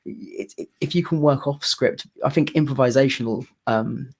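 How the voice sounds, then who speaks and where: Hosting a laid-back theatre live chat, this thirtysomething British man tends to repeat words on the way to his point. He speaks at a moderate pace in a medium-pitched voice that's creaky and husky.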